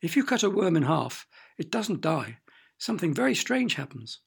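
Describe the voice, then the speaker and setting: A man narrating a children's storybook with expressive, playful sound effects. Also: a little high, moderate pace, vocal fry, husky.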